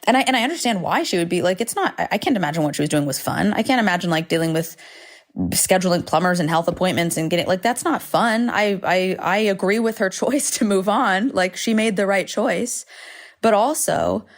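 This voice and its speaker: A woman's voice: medium pitch, fairly quick. A woman in her thirties hosting a solo podcast, talking frankly and rambling with self-deprecating asides and swearing. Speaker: podcast host. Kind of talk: candid solo podcast monologue. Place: home recording space with planes overhead.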